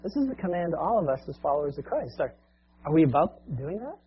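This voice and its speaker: A male preacher telling a long story as a sermon illustration, in a conversational, animated way, on a muffled lo-fi recording. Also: fairly high pitch, fast, breathy edge.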